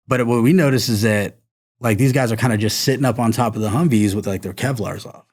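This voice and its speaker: A man telling a war story in casual conversation, rambling and animated with many fillers. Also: mid-range voice, fast. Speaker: podcast guest, army veteran.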